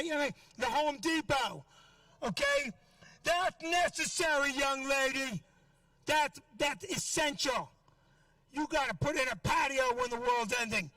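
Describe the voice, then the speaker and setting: A middle-aged man works a comedy club stage, ranting in a brash, profane style. His voice sits very high and sounds bright and forceful. The sound is dry and picked up from a distance. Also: no echo. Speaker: stand-up comedian. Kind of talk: stand-up set.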